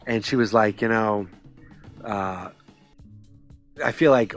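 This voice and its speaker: Speaking slowly, with long pauses and faint music underneath, a podcast host with a lowish voice recaps a TV episode. His manner is chatty and sarcastic, full of fillers and quoted voices.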